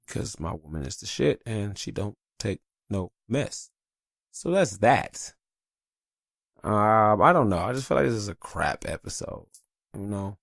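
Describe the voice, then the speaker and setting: A man's voice: lowish voice, creaky, husky, no room sound, clean studio sound. A tired man hosting a podcast in casual, rambling, profane chat. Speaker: podcast host.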